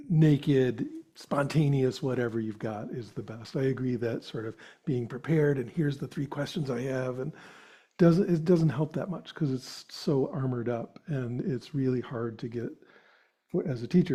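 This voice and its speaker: Man, interviewer, live event, thoughtful, hedging, warm husky tone. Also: medium pitch. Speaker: interviewer and meditation teacher. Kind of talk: live talk conversation. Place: event room with live audience.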